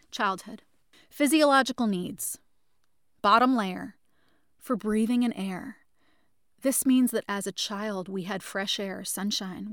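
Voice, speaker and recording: A woman's voice: medium pitch, dry recording, clean studio sound. A woman hosting a spoken lesson, talking emphatically and repeating key points while addressing listeners as friends. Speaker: podcast host teaching about mental health. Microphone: studio microphone.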